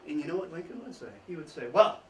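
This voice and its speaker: A man giving an informal history talk to an audience, telling the story with chuckling asides and lively emphasis. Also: on the high side, rapid-fire. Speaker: history speaker. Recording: echoey room, mic at a distance, faint background noise.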